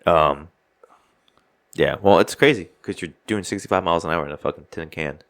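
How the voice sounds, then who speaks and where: A man's voice: deep voice, a little fast, a bit bright. A man co-hosting a casual podcast, ranting bluntly and swearing freely. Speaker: podcast co-host.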